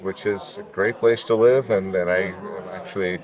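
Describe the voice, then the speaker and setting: A Russian-born man, a native Russian speaker, with a deep announcer-like voice, speaking earnestly and reflectively as an interview guest. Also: fairly even intonation, moderate pace. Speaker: guest, local elected official. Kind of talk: conversational interview.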